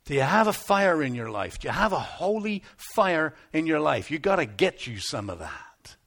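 Lively, conversational male preacher. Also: fairly high pitch, moderate pace. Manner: animated, conversational preaching with acted asides; repeats words when building up. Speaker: pastor. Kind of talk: sermon.

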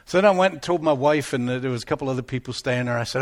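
A man's voice: mid-range voice, very fast. A middle-aged man preaching a Sunday sermon, retelling a scripture story and personal anecdotes with acted-out quotes and humor. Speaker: pastor.

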